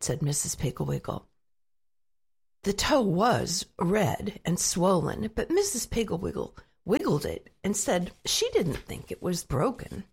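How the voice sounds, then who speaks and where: A woman reading a children's storybook aloud in an expressive, playful way with dramatic pauses. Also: fairly low pitch, vocal fry, breathy edge.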